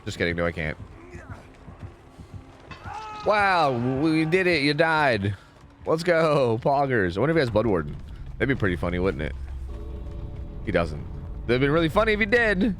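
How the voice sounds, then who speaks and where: A man's voice: medium pitch, wildly swooping pitch, brisk, long pauses, fairly bright tone, soft background music. A man streaming a video game, giving casual commentary with exasperated, joking, rambling asides to his chat.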